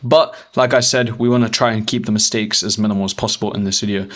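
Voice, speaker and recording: A man's voice: fairly low pitch, fairly even intonation, fast talker, fairly bright tone. A man with a British accent who coaches dating, giving a brash running commentary as he reads out chat messages. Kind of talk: screen-recorded dating tutorial.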